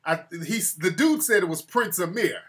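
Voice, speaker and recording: A man's voice: sits high, very animated, moderate pace, a bit bright, slightly rough. A man hosting a live call-in show, mocking callers in loose street slang. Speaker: host.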